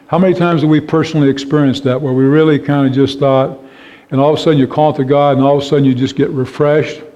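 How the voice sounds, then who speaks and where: A man preaching an earnest sermon of encouragement with a slightly high voice. He reads scripture aloud and keeps checking in with his listeners. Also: dark tone, lo-fi sound. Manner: calls out "Amen?" to the congregation. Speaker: pastor.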